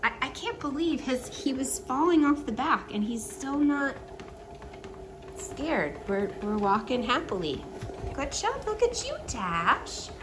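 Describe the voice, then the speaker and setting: A young woman speaks to her dogs in a fond, gentle way, drawing out her praise at an unhurried pace. Her voice sits a little high. A treadmill motor hums clearly through the whole home recording. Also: reverberant. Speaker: vlogger and dog owner. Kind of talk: casual chat. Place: indoors at home beside a running treadmill. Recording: steady treadmill motor noise behind.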